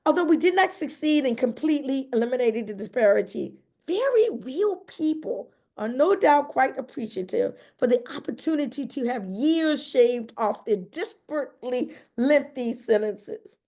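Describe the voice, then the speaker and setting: Woman, memoir read-aloud, earnest and heartfelt, slightly high voice, gravelly edge. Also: animated, moderate pace, hardly any pauses, darkish tone. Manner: earnest, emotional, breaks off into personal comments. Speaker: author reading her memoir. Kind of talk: reading aloud with spontaneous asides.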